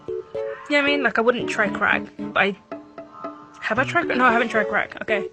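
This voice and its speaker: A woman's voice: on the high side, fairly quick, long pauses, music in the background. A woman rambling through a comic confession, stumbling and correcting herself.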